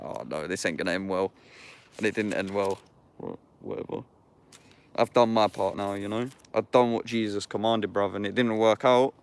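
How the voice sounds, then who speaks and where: A YouTuber of about thirty with a smooth, lowish voice vlogs casually outdoors in the woods. He reads scripture aloud and reflects on it in slangy street talk, swearing often and calling the listener "bruv."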